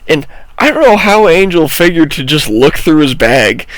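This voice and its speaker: A young man from Illinois, co-hosting a podcast in rambling, animated storytelling with profanity. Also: fairly high pitch, normal speed, no room sound, rough recording. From Illinois, USA. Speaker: podcast co-host.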